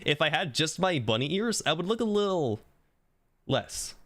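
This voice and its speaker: A man's voice: fairly high pitch, very animated, moderate pace, fairly bright tone, no room sound. A man from the American South co-hosting a podcast in casual, joking chat, swearing freely. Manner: joking, swears freely, slips into silly voices. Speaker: podcast co-host.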